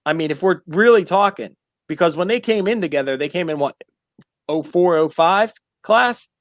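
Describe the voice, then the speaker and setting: A man hosting a sports talk show, arguing his point in an insistent, animated way. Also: high voice, moderate pace, dry recording, studio quality. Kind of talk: casual debate.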